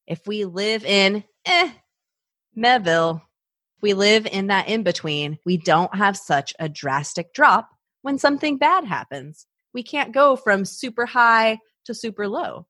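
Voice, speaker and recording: A woman's voice: mid-range voice, lively intonation, unhurried, a bit bright, no room sound, clean studio sound. A woman hosting a personal podcast, talking animatedly and acting out her own anxious inner thoughts. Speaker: podcast host.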